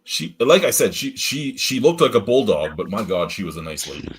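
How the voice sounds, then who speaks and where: A man's voice: on the low side, sing-song, brisk, slightly rough. A man hosting a casual podcast chat, telling profane, laughing stories about old coworkers. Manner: storytelling with profane, laughing asides. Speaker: podcast host.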